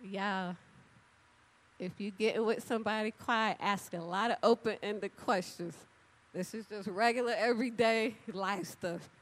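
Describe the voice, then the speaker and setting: A woman preaching an animated, chatty sermon, talking straight to the congregation and acting out little conversations. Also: mid-range voice, unhurried. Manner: animated, chatty, addresses crowd directly; acts out dialogue with big voice swings. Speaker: church speaker. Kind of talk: lively sermon with storytelling.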